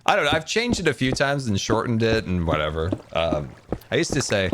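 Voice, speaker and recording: A man's voice: lowish voice, expressive, brisk, noisy background. Playful, chatty male streamer. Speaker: Minecraft streamer. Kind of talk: casual gaming stream chat.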